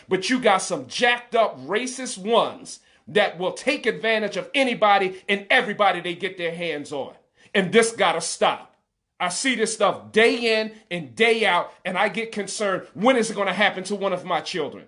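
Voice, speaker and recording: Indignant man, fairly high voice. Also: expressive, moderate pace, bright, forceful tone. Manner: indignant, emphatic, repeats key phrases. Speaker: parent speaking out. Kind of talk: impassioned direct-to-camera vlog.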